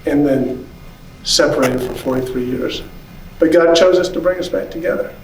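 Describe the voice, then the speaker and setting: A pastor in his fifties tells his own story from the stage of a big conference hall. His voice sits high for a man and lively, and he slips into the voices of the people in his story. The sound is roomy and echoing, picked up from well away from the mic. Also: moderate pace, a little hiss or hum. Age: 50s. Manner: animated, acts out quoted voices, laughs. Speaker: pastor and church consultant. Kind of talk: personal storytelling speech. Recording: echoey hall, voice from a distance.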